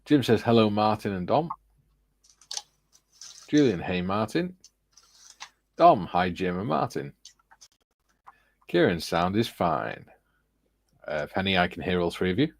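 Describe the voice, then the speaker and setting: Low-voiced man reading out chat. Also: big pitch swings, unhurried, vocal fry, pauses often. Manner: reads viewer chat messages aloud. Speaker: livestream host. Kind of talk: casual live chat.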